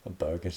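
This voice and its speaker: A man's voice: fairly bright tone, slight background noise. A young Australian man hosting a casual solo podcast, reading out slang with offhand, sweary remarks and the odd laugh. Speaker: podcast host.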